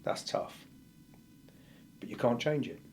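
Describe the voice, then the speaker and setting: A man's voice: slow, slight background noise. A male firefighter, a podcast guest, telling a painful personal story bluntly and vividly, acting out what people said. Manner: blunt, vivid retelling that acts out the dialogue.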